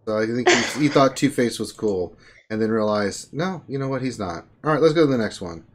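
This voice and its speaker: A man hosts a loose, casual live-stream chat with a voice that rises and falls a lot. He reacts with dry sarcasm and mock horror, at an everyday middle pitch. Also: expressive, fairly quick. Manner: sarcastic, mock-appalled commentary. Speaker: show host.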